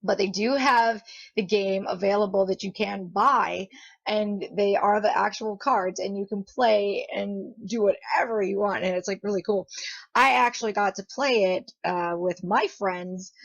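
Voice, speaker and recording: A woman's voice: mid-range voice, measured pace, gravelly, dry recording. A young woman telling a chatty vlog story, giggling often and acting out what people said. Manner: giggly, chatty, full of fillers and quoted voices. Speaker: vlogger. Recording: dull lo-fi home recording.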